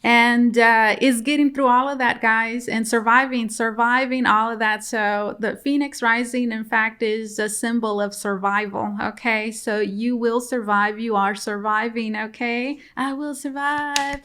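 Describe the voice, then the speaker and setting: A woman's voice: on the high side, level tone, a little slow, hardly any pauses, bright, forceful tone, clear, resonant tone. A woman giving a casual tarot reading to camera, chatty and repetitive, talking straight to her viewers from home. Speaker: tarot reader.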